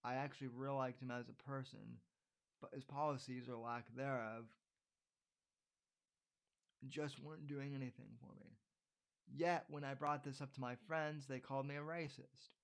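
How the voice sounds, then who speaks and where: A man in his twenties hosts a podcast, reading his own essay in a mid-pitched voice. He steps away from the text for loose asides, calling his listeners "folks" or "ladies and gentlemen" and filling pauses with "uh" before returning to the article. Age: 20s. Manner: frequent uh fillers and restarts in asides. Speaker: podcast host.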